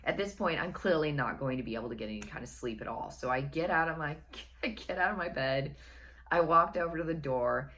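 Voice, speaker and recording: A woman's voice: low-pitched, a little fast, a bit bright. A woman casually telling a personal story to her viewers, chatty and wry, repeating phrases for effect. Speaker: storytelling vlogger.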